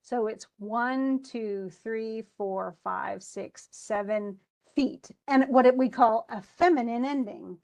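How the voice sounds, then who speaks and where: A woman teaching a poetry class speaks at a slow, unhurried pace in a somewhat high voice. She reads verse aloud with care. Then she breaks the lines into stressed and unstressed beats, often stopping and restarting. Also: gravelly, darkish tone. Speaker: English teacher. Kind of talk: classroom lesson.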